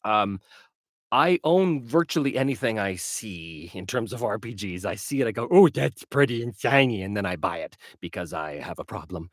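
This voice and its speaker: A man's voice: on the low side, a bit bright, no echo, clean studio sound. A man hosting a casual livestream, chatting and answering viewer questions with lots of fillers. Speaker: livestream host and game master. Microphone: webcam livestream setup.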